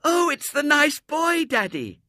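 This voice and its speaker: A man voicing a sweet, chatty little girl who speaks high and eagerly. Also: wildly swooping pitch, unhurried, sharp tone, dry recording, studio quality, exaggerated voice. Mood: happy.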